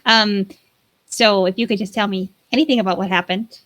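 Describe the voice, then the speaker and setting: A woman's voice: medium pitch, steady tone, normal speed, a bit bright, slight background noise, close to an everyday voice. A woman voicing a kind, fretful woman at a magic school who stammers and repeats her words. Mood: concerned. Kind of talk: tabletop role-play.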